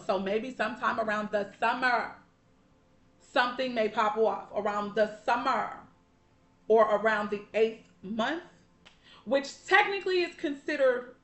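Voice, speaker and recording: A woman's voice: fairly high pitch, fairly bright tone. A woman giving a casual spiritual tarot reading to her viewers. She is chatty and heartfelt, calls them y'all and baby, and swears now and then. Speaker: tarot card reader. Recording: roomy echo.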